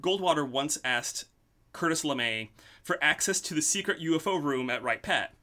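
Podcast host, male, bright, a little high, meandering storyteller with frequent fillers. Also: animated, moderate pace. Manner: rambling storyteller with many ums. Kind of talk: casual podcast chat.

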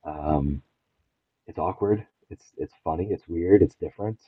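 A middle-aged man with a very deep voice talks earnestly and haltingly, restarting his sentences often. His voice comes through a thin, phone-like line with no room sound at all. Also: husky, no echo. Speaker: podcast guest. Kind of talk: candid personal conversation. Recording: tinny phone-like line, dry.

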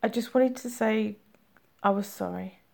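A woman's voice: fairly high pitch, a little slow, creaky. A woman reading a nervous, apologetic young man. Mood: sheepish. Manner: soft, hesitant, apologetic.

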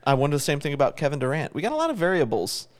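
A man's voice: a little high, huge pitch swings, very fast. A man co-hosting a podcast in casual chat, giving opinions and restarting words as he thinks. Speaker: podcast co-host.

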